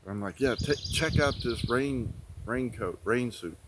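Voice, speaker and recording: A man's voice: medium pitch, measured pace, noisy background. A middle-aged man telling a long personal story in a folksy, rambling way, often repeating "I said" as he retells conversations. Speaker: prepping channel host. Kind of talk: casual storytelling.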